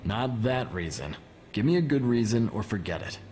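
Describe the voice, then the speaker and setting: A man's voice: mid-range voice, expressive, normal speed, a little mellow, a little hiss or hum, natural voice. An actor playing a wary male assistant in a game, dry and reluctant.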